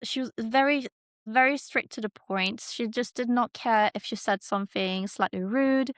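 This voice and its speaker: A woman's voice: a little high, moderate pace, a bit bright, no echo, studio quality. A woman co-hosting a podcast in casual chat, talking in a chatty, rambling way with many restarts. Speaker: podcast co-host.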